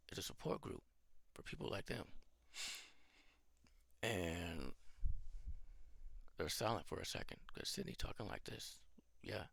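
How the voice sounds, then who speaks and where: A man casually rambling through his own film pitch as a channel host, thinking aloud as he goes. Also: lively intonation, unhurried, gravelly, pauses often, fairly bright tone, no room sound.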